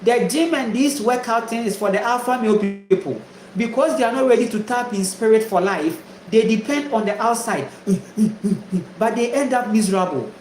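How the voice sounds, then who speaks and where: A man's voice: very high-pitched, lively intonation, brisk, darkish tone, roomy sound, a little hiss or hum, rough recording. A man from Ghana preaching a spiritual monologue, emphatic and repetitive, full of rhetorical questions. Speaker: spiritual teacher.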